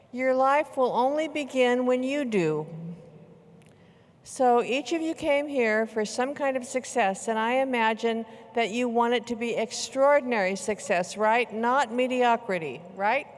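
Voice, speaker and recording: An older woman giving an emphatic motivational keynote at a large convention, with slow measured repetitions. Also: a little high. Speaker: keynote speaker. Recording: long hall reverb in arena.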